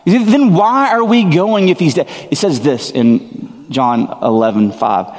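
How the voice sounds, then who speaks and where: A man's voice: a little high, a little slow, a little mellow. A man preaching a sermon as a pastor, earnest and emphatic, often repeating his phrases for weight. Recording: long hall reverb.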